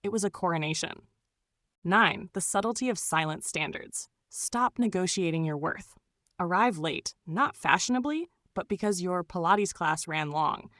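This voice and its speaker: A woman's voice: fairly low pitch, expressive, normal speed, fairly bright tone, dry recording. A woman reading scripted narration in a gushing, doting way, full of pet names.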